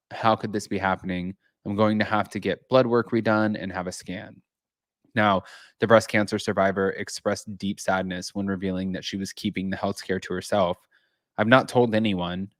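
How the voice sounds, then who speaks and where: Male host, lowish voice, dry close mic, chatty delivery reading news to viewers. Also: fairly even intonation, normal speed, dry recording. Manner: chatty, reads news aloud. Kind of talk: casual chat. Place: home, with his cat.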